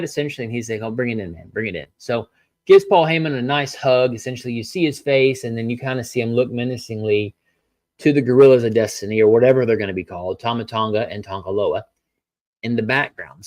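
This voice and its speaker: A man hosting a solo wrestling review podcast, ranting with many rhetorical questions and pausing to apologize for his tangents. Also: mid-range voice, a little mellow, no room sound.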